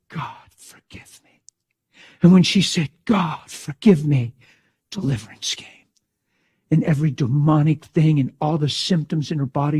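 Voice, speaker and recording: Telling a story within his sermon, this middle-aged preacher shifts dramatically from hushed tones to loud outbursts. His voice is fairly high and slightly rough.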